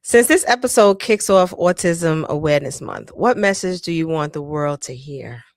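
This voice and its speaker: A woman hosts an interview podcast in a lower voice. She asks her questions gently and keeps up soft, supportive affirmations. The sound is dry and close, with no room echo. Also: animated, normal speed. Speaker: podcast host. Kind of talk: interview host.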